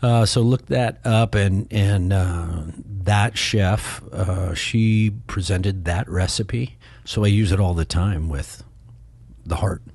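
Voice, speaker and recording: Low husky man telling stories. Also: takes it slowly, no room sound. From Kansas City, Missouri. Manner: rambling, animated, acts out quoted voices. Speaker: podcast guest. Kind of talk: casual storytelling.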